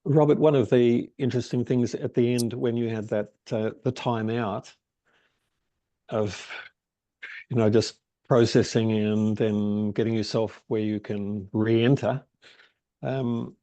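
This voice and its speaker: A man in a workshop group asking a question hesitantly, with many pauses and ums. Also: medium pitch, warm tone, dry recording. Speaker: workshop participant.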